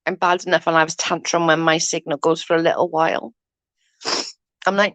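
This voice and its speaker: A woman's voice: low voice, little pitch movement, fairly quick, a bit bright, dry recording. Chatty yawning woman live-streaming. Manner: chatty, yawning, says "allegedly" often. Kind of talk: casual live-stream chat reading comments.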